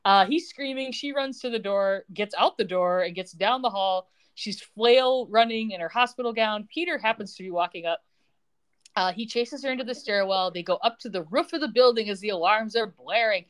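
Speaking at a moderate pace in a mid-range voice, a young female podcast co-host chats loosely through a recap. She retells scenes sarcastically, quoting lines as she goes.

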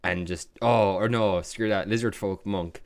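A man's voice: fairly low pitch, fairly even intonation, a little slow. An Irish man co-hosting a tabletop gaming podcast, chatting enthusiastically and laughing often. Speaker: podcast co-host. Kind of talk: casual chat.

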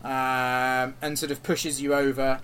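A man's voice: medium pitch, level tone, slow, a bit bright, slight background noise. A man narrating as game master, rambling along with many fillers.

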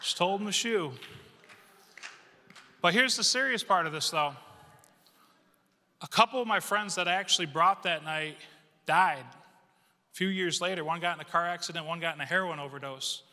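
High, bright-voiced man preaching. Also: normal speed, pauses often. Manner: animated, conversational, acts out quotes. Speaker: pastor. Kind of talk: humorous storytelling sermon. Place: church sanctuary. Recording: reverberant church hall.

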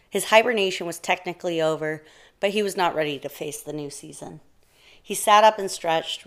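A woman narrating a children's short story in a calm, steady storytelling manner. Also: sits low, smooth.

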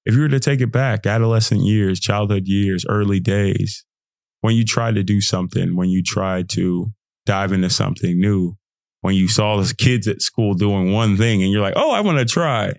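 Animated casual man, low dry voice. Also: moderate pace, vocal fry, no room sound. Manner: animated, swings into high mocking voices when quoting; casual slangy talk, laughs often. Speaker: podcast host. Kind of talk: motivational solo podcast. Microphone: podcast setup.

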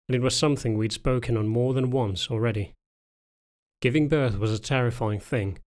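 A man reading a novel aloud as a first-person audiobook narrator, in a calm, measured way. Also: medium pitch.

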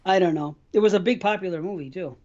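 A man's voice: high-pitched, quick pace, mellow, highs cut off. A man co-hosting a podcast, rambling in casual, heavily profane chat. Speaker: podcast co-host.

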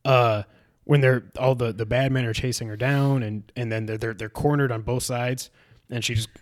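A man's voice: mid-range voice, moderate pace. A man in casual chat, recapping a show and acting out its scenes in a raised voice. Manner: animated retelling, acts out scenes in a raised voice.

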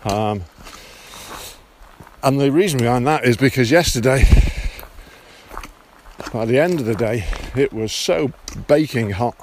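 A man's voice: mid-range voice, measured pace, pauses often, a little mellow, slight background noise. A British man casually narrating his walking pilgrimage, chatty and self-deprecating, often restarting his sentences. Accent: British English. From Britain. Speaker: podcast host walking the Camino.

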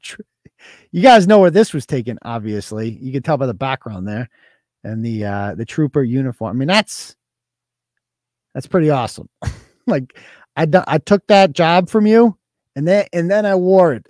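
A man hosts a live weekend show, chatting loosely and swearing freely as he tells his stories. His voice sits a little high for a man, and the sound is dry and close with no room echo. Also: big pitch swings, moderate pace, darkish tone. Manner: profane, boastful storytelling. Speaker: host. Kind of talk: casual live-show chat.

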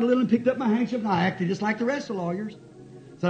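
A man preaching a folksy, fervent sermon and telling stories, with sudden shouts. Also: high voice, quick pace. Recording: dull lo-fi old tape, faint music.

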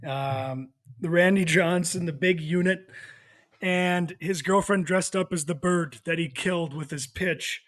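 A former hockey player as podcast guest, telling laid-back stories and swearing. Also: male voice, high-pitched, a little slow, fairly bright tone. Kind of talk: casual chat.

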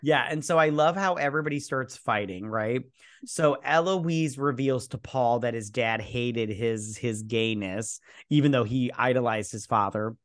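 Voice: mid-range voice, normal speed, dry recording, clean studio sound. A podcast co-host recapping a movie in casual chat, rambling with many fillers and jokes.

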